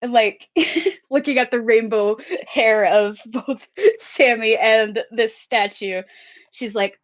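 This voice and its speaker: A woman's voice: on the high side, steady tone, slow. A woman playing in a tabletop role-play over voice chat, describing her character hesitantly with many fillers. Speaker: player. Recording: slightly muffled lo-fi audio.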